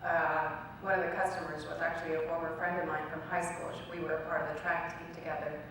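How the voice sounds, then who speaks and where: Young woman guest speaker, earnest storyteller, lowish voice, distant recording with faint background noise. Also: flat delivery, fast. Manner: earnest storyteller, acts out quoted dialogue. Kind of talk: personal speech to an audience. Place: college event hall. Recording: very echoey hall recorded from far off.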